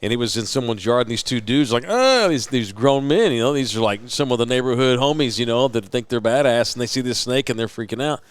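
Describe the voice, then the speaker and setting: A man, co-hosting a podcast, telling stories in a lively, animated way. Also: mid-range voice, quick pace, few pauses, clear, resonant tone, no room sound. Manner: animated storyteller, acts out quoted voices. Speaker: podcast co-host. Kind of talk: casual storytelling chat.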